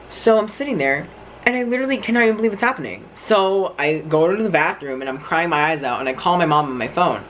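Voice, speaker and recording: A young male vlogger tells a dramatic story-time tale, swearing constantly and stuffing his speech with "like." His high-sitting voice is animated, quick and a bit bright, with slight background noise.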